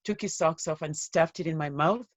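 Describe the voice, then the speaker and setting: A woman giving an interview as a guest, telling her own life story in an earnest, steady way. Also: low voice, moderate pace, dry recording. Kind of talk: personal story told in an interview.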